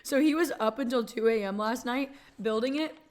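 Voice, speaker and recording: Young woman, streamer, from Texas, rambling casual chat, swears, emotional, slightly high voice. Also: moderate pace, darkish tone.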